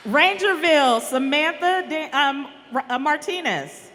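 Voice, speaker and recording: A high, bright woman's voice, calling out names at a school awards assembly. She reads each name slowly into a microphone, and her voice rings through a large reverberant hall with faint room noise behind it. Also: animated. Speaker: awards announcer.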